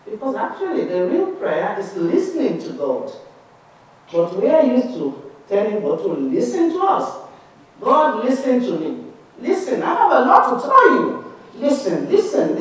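A woman giving a religious lecture in a civic auditorium, expressive and shifting between soft and emphatic. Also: medium pitch. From Nigeria. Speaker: Christian Science lecturer. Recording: echoey hall from far off.

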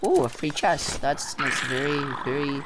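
Gamer rambling to themself while playing, lots of i dont know, loud noise behind. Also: mid-range voice, animated, unhurried. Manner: rambling, unsure self-talk. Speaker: gameplay video creator. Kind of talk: casual gameplay commentary. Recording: loud background game noise.

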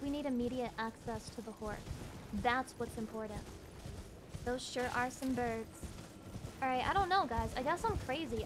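A woman casually talking through a video game on a live stream, chatty and prone to loud shrieks of surprise. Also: a little high, noisy background. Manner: chatty, reacts loudly with shrieks. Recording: music playing behind.

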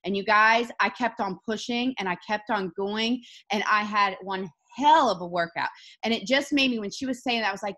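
Bright, emphatic woman leading a call. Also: mid-range voice, moderate pace. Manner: energetic and emphatic, rising to excited peaks. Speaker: team leader hosting the call. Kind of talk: motivational talk to her team.

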